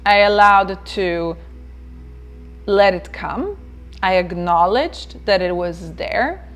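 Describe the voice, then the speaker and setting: A woman's voice: medium pitch, slow pace, soft background music. A woman giving a reflective motivational talk on self-care, who repeats phrases and checks in with "right?".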